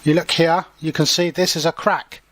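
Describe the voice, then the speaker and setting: A man's voice: on the high side, flat delivery, a bit bright, no room sound. A man reading a children's story aloud as an English teacher, stopping to explain words simply. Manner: slow and clear, pausing to explain words. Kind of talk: storybook read-aloud for learners.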